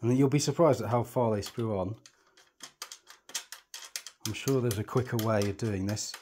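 A man's voice: fairly low pitch, normal speed, darkish tone, a little hiss or hum. A man explaining telescope setup step by step while he works, chatty and reassuring, often thinking aloud. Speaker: telescope tutorial presenter. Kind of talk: hands-on setup tutorial.

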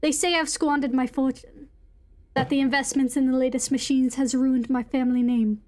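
A woman reading aloud as a ruined, desperate Victorian gentleman in a put-on British manner, dramatic and brooding. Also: high-pitched, little pitch movement, normal speed, lightly acted. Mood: despairing.

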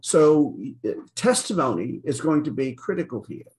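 A man's voice: on the high side, big pitch swings, normal speed, a little mellow. A man giving an informal Bible lecture, talking conversationally with many fillers and frequent "okay?" check-ins, retelling scripture in casual paraphrase. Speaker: Bible teacher.

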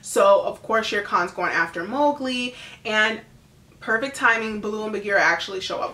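A woman with a fairly high voice, sounding roomy, chats about a movie she just saw. She's animated and loose, full of fillers, and slips into quick impressions of the characters.

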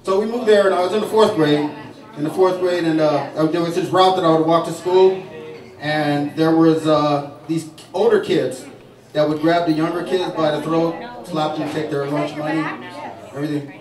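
A man's voice: fairly high pitch, fairly even intonation, normal speed, darkish tone. A man doing a stand-up routine in a saloon, telling rambling stories full of restarts and fillers. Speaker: stand-up comedian. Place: saloon stage with an audience. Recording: distant, echoey bar recording with crowd. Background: audience laughing.

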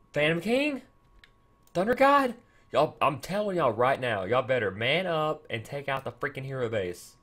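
A young man doing excited let's-play commentary, pleading with and scolding his game units. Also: mid-range voice, slightly rough. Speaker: gaming channel host.

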